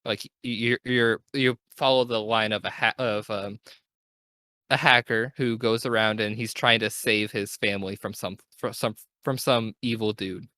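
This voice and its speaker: A man's voice: fairly low pitch, steady tone, normal speed, bright, forceful tone, no room sound. A young man hosting a casual gaming podcast, talking in an enthusiastic, rambling way and correcting himself as he goes. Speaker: podcast host.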